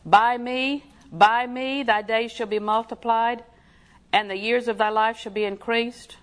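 Woman, preacher, sermon, fairly high pitch, folksy, emphatic, questions to the audience. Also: fairly even intonation, a little slow.

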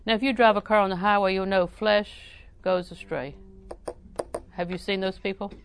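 A middle-aged woman preaching a sermon in a folksy, humorous way, often chuckling and breaking into loud acted exclamations. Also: medium pitch, fairly even intonation, normal speed, clean tone.

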